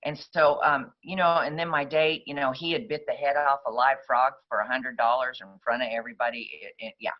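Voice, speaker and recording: A woman's voice: a bass voice, fairly even intonation, brisk, hardly any pauses, lo-fi sound. A woman speaking at a recovery meeting, telling her personal story in a rambling, conversational way full of fillers.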